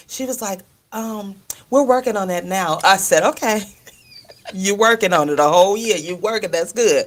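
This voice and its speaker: A woman's voice: medium pitch, moderate pace. A middle-aged woman co-hosting a radio talk show, telling funny family stories with lots of laughter and acted-out quotes. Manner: animated storyteller, laughs often, quotes others in voices. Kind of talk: casual chat.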